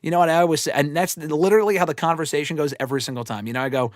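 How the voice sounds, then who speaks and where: A man's voice: on the high side, racing, dry recording, studio quality. A man hosting a wrestling show, telling rambling, profane, self-deprecating stories in casual livestream chat. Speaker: wrestling show host answering fan questions.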